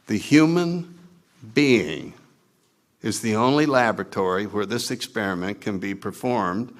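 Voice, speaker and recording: A man's voice: lowish voice, unhurried. A man speaking at a recovery meeting, telling his story with wry self-mockery and acting out his own past lines. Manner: animated, acts out his own past lines in put-on voices. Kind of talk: storytelling talk to a meeting audience.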